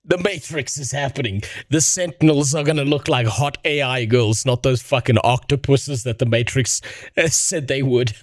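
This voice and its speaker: A man's voice: medium pitch, moderate pace, no room sound. A male streamer reacts live with blunt, profane commentary and laughs at his own jokes. His mid-range voice sounds dry and close to the mic.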